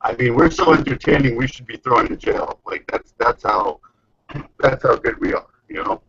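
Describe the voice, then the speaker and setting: A man's voice: mid-range voice, normal speed, creaky, fairly bright tone, breathy edge. A man hosting a casual group video chat, rambling and mocking, in slang. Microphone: webcam mic on video call. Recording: lo-fi online call audio.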